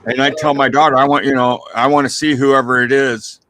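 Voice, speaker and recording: A middle-aged man in casual chat, telling animated stories and acting out the voices of people in them. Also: mid-range voice, brisk. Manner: animated storyteller, acts out quoted voices. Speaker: live stream chat participant.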